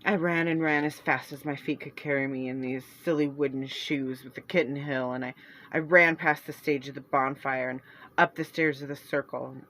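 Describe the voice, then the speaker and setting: A woman reading her own fantasy novel aloud in first person, earnest and halting with restarts. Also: rumbling low, fairly even intonation, a bit bright, rough recording.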